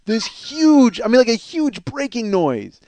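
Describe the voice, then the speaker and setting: A man's voice: very high-pitched, a little slow, noisy background. A man in his forties from Chicago, hosting a comedy podcast and telling a long, rambling, profane story. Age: 40s. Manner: rambling, profane, animated when worked up.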